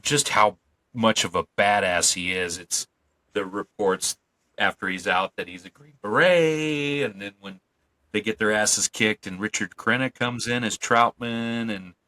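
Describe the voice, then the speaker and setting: Low bright-voiced man chatting. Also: unhurried, low-quality recording. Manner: laid-back, swears casually, short agreeing replies. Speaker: podcast co-host. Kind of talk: casual movie review chat.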